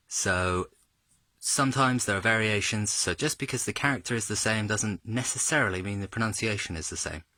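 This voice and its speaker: A man giving a casual, jokey video lesson as a self-taught learner, stretching his pitch up and down to demonstrate tones. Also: sharp tone, no echo. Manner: chatty and jokey, exaggerates tones when demonstrating.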